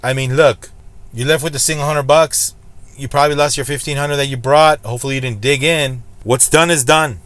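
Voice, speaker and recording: A man's voice: mid-range voice, steady tone, a little fast, fairly bright tone, no room sound. A man talks casually to his viewers about gambling. He is blunt and preachy and says the same warning over and over to make it stick. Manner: blunt, preachy, emphatic repetition. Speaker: slots channel host. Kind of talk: casual vlog commentary.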